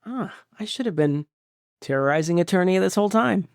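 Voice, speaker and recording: A male podcast co-host in casual movie-review chat, ranting in an exasperated way and quick to laugh. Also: high-pitched, animated, creaky, smooth, no echo, clean studio sound.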